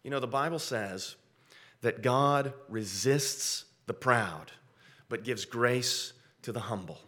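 A man preaching an expository sermon, earnest and emphatic, asking rhetorical questions and swinging from soft asides to loud, high emphasis. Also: slow pace. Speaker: pastor.

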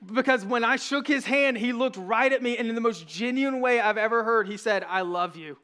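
A man's voice: extremely high pitch, a little fast, sharp tone, smooth. A man in his thirties, a pastor, preaching a sermon in an earnest, conversational way with frequent restarts.

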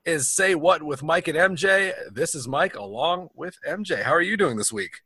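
A man co-hosting a casual podcast, chatty and relaxed, with plenty of fillers and restarts. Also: on the high side, normal speed, breathy edge, no room sound, clean studio sound. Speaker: podcast co-host.

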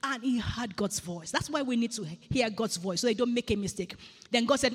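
A woman's voice: a little high, normal speed, big-room sound. A woman preaching a sermon in a church, earnestly repeating phrases for emphasis.

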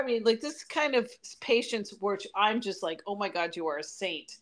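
A woman in her forties telling family stories in a casual podcast chat, animated and warm-humored. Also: medium pitch, moderate pace, few pauses. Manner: storytelling, animated. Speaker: podcast co-host.

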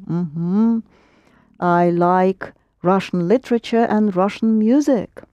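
Slow-spoken woman teaching Russian. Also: medium pitch, dark tone, no room sound, highs cut off. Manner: patient, corrects pronunciation closely. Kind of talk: language lesson.

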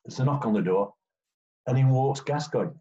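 Telling interview stories, this older English former referee brings the quoted players to life as a chatty storyteller. He has a mellow, medium-pitched voice at normal speed, recorded in dull lo-fi quality.

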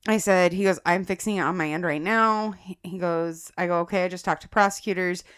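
A woman co-hosting a podcast, telling a personal story in casual chat. She is animated, laughs often and addresses the listeners as guys. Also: fairly low pitch, fairly quick, clear, resonant tone. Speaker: podcast co-host.

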